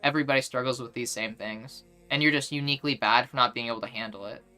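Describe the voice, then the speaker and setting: Young woman, streamer, casual chat, blunt and exasperated, bright tone, faint background music. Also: rumbling low, fast. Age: young adult. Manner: blunt, exasperated ranting with frequent "like". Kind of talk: casual chat while gaming.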